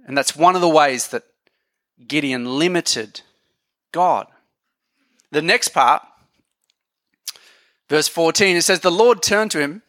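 Bright-voiced man preaching a sermon. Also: fairly high pitch, slow pace, pauses often, no room sound, studio quality. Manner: conversational, jokey preaching with audience asides.

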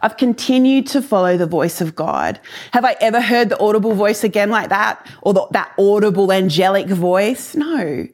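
A woman in her forties sharing a personal faith testimony. She tells it earnestly and emotionally, dropping to hushed lows and rising to excited highs. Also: normal speed. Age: 40s.

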